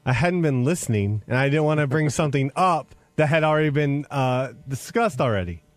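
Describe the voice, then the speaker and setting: Staffer, man, higher-ish voice, defensive and stumbling, dry close studio mic. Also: expressive, dry recording. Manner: defensive, halting, nervous laughs. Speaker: radio show staffer. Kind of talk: radio studio banter. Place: radio studio. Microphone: studio microphone.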